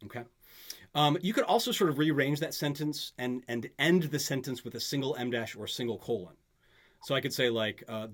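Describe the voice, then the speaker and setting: A man tutoring a student in grammar in a casual back-and-forth, often checking that she follows. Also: medium pitch. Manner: patient, checks for understanding often. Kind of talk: conversational tutoring session.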